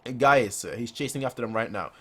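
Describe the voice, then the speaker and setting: A man's voice: medium pitch, fast, sharp tone. A ruthless commander barks short, cold orders, as a man reads him aloud. His delivery is clipped and stern. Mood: commanding. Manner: curt commands.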